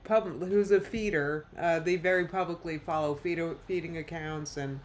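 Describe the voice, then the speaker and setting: A woman's voice: sits low, steady tone, moderate pace, a little hiss or hum. Chatty woman hosting a live react stream. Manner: chatty, rambling, reads chat comments aloud with frequent laughs. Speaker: host reacting live to videos. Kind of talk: casual live-stream chat.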